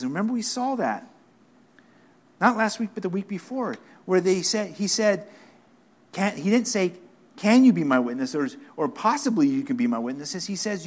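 A man preaching a sermon, acting out the words of God with questions, repetitions and dramatic pauses. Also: high voice, lively intonation. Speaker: pastor.

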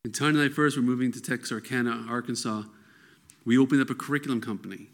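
Male preacher, mid-pitched, earnest conversational sermon style with animated quoted lines. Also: fast. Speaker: pastor.

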